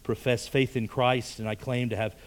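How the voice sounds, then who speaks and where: A male pastor preaching a sermon, emphatic, often repeating words, moving between strong raised passages and hushed near-whispered lines. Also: medium pitch, flat delivery, moderate pace. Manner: emphatic, rising to forceful peaks then dropping to hushed near-whispers; repeats words when stressing a point.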